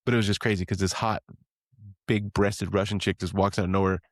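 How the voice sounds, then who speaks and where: A man's voice: sits low, steady tone, fairly quick, no echo, studio quality. A man co-hosting a podcast, telling joking, profane stories in casual banter.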